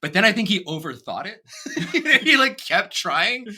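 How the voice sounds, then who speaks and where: A man hosting a casual podcast chat. He is excitable and laughs often. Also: high voice, measured pace, husky. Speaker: podcast host.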